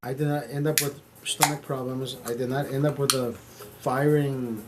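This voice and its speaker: A middle-aged man hosting a stream, telling a story in casual, profane, animated talk, repeating phrases for emphasis. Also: medium pitch, moderate pace, heavy background noise. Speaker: streamer host.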